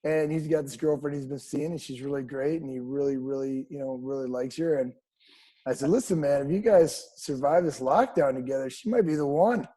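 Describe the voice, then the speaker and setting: A man guesting on a podcast over a video call, chatty and laughing often, with animated asides. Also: medium pitch, brisk. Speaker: country singer, guest. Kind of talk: casual interview chat.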